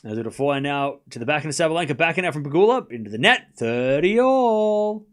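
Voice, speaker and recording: Brief: male stream host, slightly high, very animated delivery, chatty scorekeeper, casual banter. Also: rapid-fire. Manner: animated, joking, reads scores aloud while chatting with viewers. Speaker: livestream tennis watchalong host. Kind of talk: casual live commentary chat.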